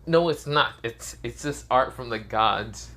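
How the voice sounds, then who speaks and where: A man's voice: mid-range voice, a little slow, pushed and bright. A man doing a laid-back, coaxing ninja teacher. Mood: easygoing. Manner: easygoing, persuasive.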